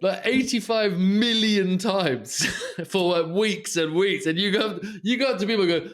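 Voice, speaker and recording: A man's voice: high-pitched, moderate pace, a bit bright. A man, a podcast co-host who chats casually, teasing his friends and mimicking people. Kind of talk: casual chat.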